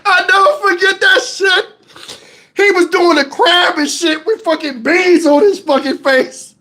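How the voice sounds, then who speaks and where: A man hosting his channel, telling profane stories to viewers in a casual, animated way and breaking into laughter. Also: very high-pitched, a little slow. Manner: talks straight to the audience with questions. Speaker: channel host telling stories to a live chat.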